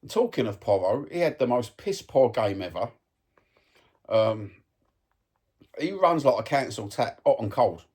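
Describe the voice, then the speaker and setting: Blunt, sweary man in his own voice, heated fan ranting about a match, mid-pitched. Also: darkish tone. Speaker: football fan vlogger.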